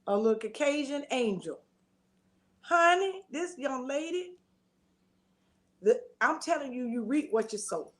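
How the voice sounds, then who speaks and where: A middle-aged woman tells her story as a guest in an interview. Her voice sits fairly high, and she delivers an expressive testimony, slipping into the voices of the people she quotes. She calls the listener "honey" and "baby" as she speaks. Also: measured pace, pauses often.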